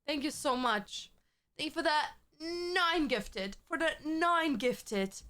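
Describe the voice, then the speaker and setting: High pitched lady streamer, rambly chatter, swears a lot. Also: expressive, takes it slowly, pushed and bright. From Germany. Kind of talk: casual chat with viewers.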